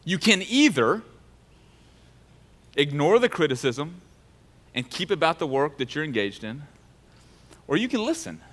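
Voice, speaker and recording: A man preaching a sermon in a relaxed, joking way, with a voice a bit higher than most men's. He explains the text with light asides. The sound carries the long reverb of a large hall. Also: a little slow, pauses often. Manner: casual and joking. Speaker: pastor.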